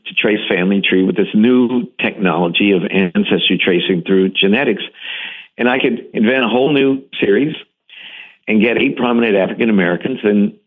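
A man with a fairly low voice, who is both an interview guest and a TV series host, tells animated stories about his work. He's enthusiastic, hits key words hard, and often restarts his sentences, while the audio is squeezed into a narrow, phone-like band like a radio line.

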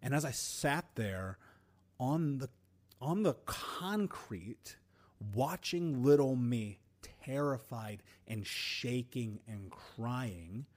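A man hosting a podcast and telling a personal story in an earnest, emotional way, with deliberate pauses. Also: medium pitch, animated, darkish tone. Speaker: podcast host.

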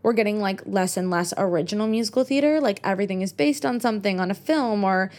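A young woman from the United States, in her twenties, hosts a podcast solo, chatting casually and sprinkling "like" throughout. Her voice is medium in pitch, a little mellow, and quick.

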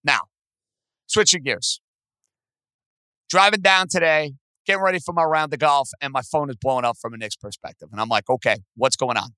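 A man's voice: medium pitch, moderate pace, pauses often, pushed and bright, clear, resonant tone, no echo, poor audio. Ranting, sarcastic sports talk host, man. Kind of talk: sports talk podcast rant.

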